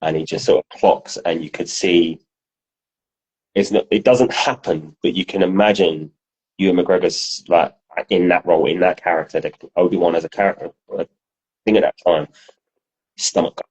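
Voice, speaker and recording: A man co-hosting a podcast, telling stories in a casual, animated way and swearing freely. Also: low voice, normal speed, slightly rough, rough recording. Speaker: podcast co-host. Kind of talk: casual chat.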